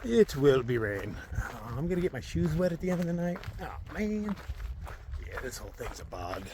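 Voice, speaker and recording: A man's voice: a little high, very animated, moderate pace, dark tone. Chatty man hiking outdoors, noisy. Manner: chatty, talks to himself and to animals, playful. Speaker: solo long-distance hiker. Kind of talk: casual vlog narration while walking. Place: outdoors on a wet trail in open country.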